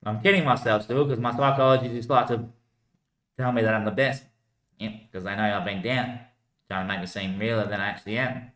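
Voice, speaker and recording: Rambling man, bright echoey voice. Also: fairly low pitch, fairly even intonation, brisk. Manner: rambling, answers himself, swears freely. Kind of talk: rambling monologue to himself.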